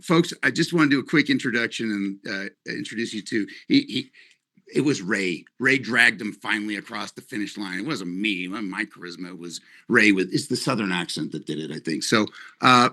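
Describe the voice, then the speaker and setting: A man from Canada leading his company's webinar, talking in a rambling, animated, joking way. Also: lowish voice, fairly quick. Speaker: company leader. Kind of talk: live webinar presentation.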